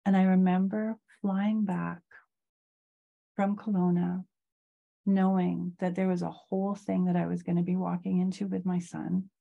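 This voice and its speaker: A middle-aged woman speaks slowly and reflectively, her low voice dark and mellow. There is a gravelly fry through her words, and her pitch stays fairly even as she tells a personal story. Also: highs cut off. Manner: slow, reflective telling of a grief story. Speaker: guest.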